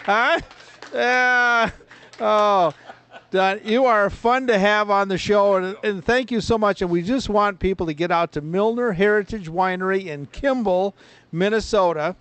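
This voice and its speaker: A man's voice: high-pitched, a little slow, fairly bright tone, clear, resonant tone, dry recording. A man hosting a radio show, interviewing a guest in an upbeat way.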